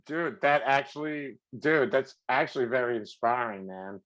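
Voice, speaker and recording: A man's voice: medium pitch, moderate pace, a bit bright, dry recording, highs cut off. A man hosting a casual podcast chat, from Mexico, who talks bluntly, laughs a lot and leans on "like" fillers. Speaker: podcast host and comedian.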